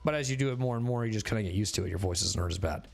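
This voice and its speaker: A man streaming a game to his viewers, his voice hoarse and a little raspy, talking in a halting, rambling way full of fillers. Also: on the low side, soft background music. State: hoarse, recovering voice. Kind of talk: casual chat to stream viewers. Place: bedroom at home.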